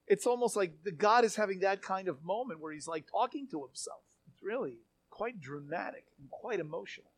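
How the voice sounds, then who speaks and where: Animated Bible teacher, dry close sound. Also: mid-range voice, a little fast, slightly rough, no echo. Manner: animated, emphatic, with frequent fillers and restarts; reads scripture aloud with dramatic feeling. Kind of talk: sermon-style Bible teaching.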